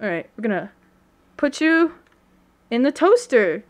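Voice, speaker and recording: Young woman gaming streamer, casual and excitable, high voice, very lively pitch, prone to shrieks. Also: very slow. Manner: excitable, squeals and shrieks, giggly. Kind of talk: casual gaming livestream commentary.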